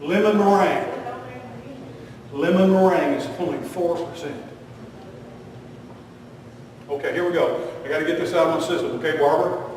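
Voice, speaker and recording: A man preaches in a folksy, joking way, peppering his sermon with homespun sayings. His voice sits high and carries from some distance off the mic. The sound rings through a big echoey church hall. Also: normal speed, long pauses, darkish tone.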